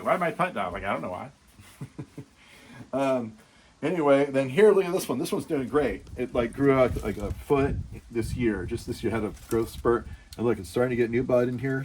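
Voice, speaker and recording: A man's voice: medium pitch, slight background noise. Chatty man walking through his plants. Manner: chatty and self-deprecating, thinking aloud with fillers. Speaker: plant grower showing his balcony mango trees. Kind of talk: casual walk-through vlog. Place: outdoors on a balcony.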